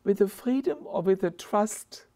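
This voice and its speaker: A woman's voice: medium pitch, lively intonation, a little slow, mellow. A woman with a German accent and German as her first language, a former principal, speaking thoughtfully in an interview. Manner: earnest, reflective, careful phrasing. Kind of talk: reflective interview.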